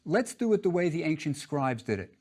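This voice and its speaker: Man, patient drawing teacher, step-by-step instructions, lively rising and falling pitch, fairly high voice. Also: brisk.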